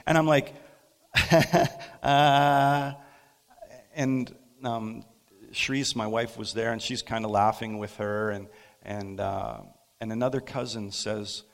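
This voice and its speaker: A man preaching a sermon as a pastor, telling a story in a halting, unhurried way with frequent pauses. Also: fairly low pitch, fairly even intonation, creaky. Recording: long hall reverb.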